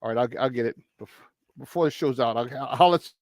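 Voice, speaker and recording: A man hosting a morning sports talk show in casual chat, animated and jokey, laughing often and tripping over his words. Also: mid-range voice, fast talker, dry recording. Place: radio studio.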